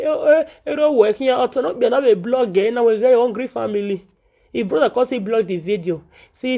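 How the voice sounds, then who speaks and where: A Nigerian woman vlogger, venting in Pidgin English and scolding repetitively in an indignant tone. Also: a little high. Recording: dull lo-fi audio.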